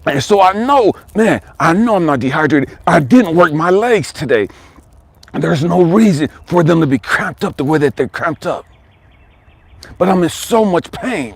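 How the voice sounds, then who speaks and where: A man's voice: fairly high pitch, creaky, husky, dry recording. Man telling a dramatic personal story. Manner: dramatic storytelling, swinging from loud cries to hushed whispers; addresses the listener directly. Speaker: spiritual coach and speaker. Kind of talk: personal testimony monologue.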